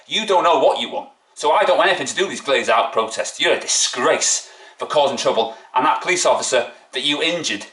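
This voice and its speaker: A man's voice: fairly high pitch, bright, forceful tone, echoey room. A man, a football fan vlogger ranting after a match, mocking and indignant, full of rhetorical questions. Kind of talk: opinionated fan rant.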